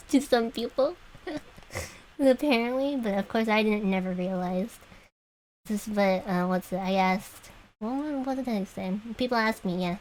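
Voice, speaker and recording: A woman's voice: mid-range voice, a little hiss or hum, poor audio. A young woman streamer chatting casually with viewers while she draws, rambling and laughing often. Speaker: vtuber streamer.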